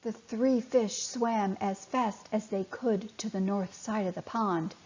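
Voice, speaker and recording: Slow, breathy woman reading a bedtime story. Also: medium pitch, a little mellow. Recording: dull lo-fi recording.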